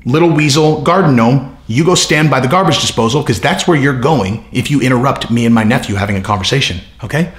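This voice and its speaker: A man voicing a hot-tempered middle-aged uncle who growls low, profane threats. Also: brisk, few pauses, echoey room, natural voice. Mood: threatening.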